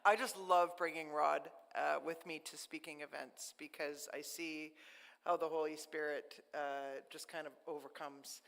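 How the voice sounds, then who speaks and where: Low-voiced woman, distant in a church hall. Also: steady tone, measured pace, gravelly, fairly bright tone. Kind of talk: brief remarks at church service. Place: church sanctuary. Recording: distant voice with long church reverb.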